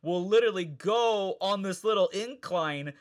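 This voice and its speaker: A man's voice: high voice, normal speed. A man co-hosting a podcast in casual chat, rambling and swearing, laughing often. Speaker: podcast co-host.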